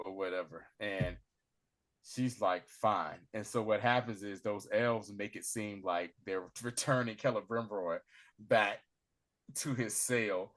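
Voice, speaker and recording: A man co-hosting a casual recap chat, retelling scenes with lively slang and acting out the characters' lines. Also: lowish voice, a little slow. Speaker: podcast co-host recapping a TV episode.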